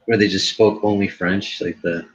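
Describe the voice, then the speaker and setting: A man with a very deep voice tells loose, laughing stories in a casual chat. His audio is dull and lo-fi, like an online call. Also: fairly even intonation, moderate pace. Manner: chatty, laughing, loose storytelling.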